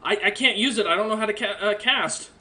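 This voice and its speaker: A man's voice: high-pitched, quick pace, sharp tone, pitched above the performer's own voice. A man doing a stammering nervous kid. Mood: flustered. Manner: stammering, flustered. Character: nervous young male kid with a magic item.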